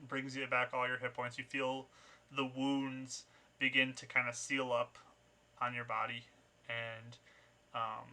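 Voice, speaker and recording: Man, game master, tabletop game narration, conversational, very bright voice. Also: medium pitch, completely flat delivery, a little slow. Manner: loose, conversational narration with fillers.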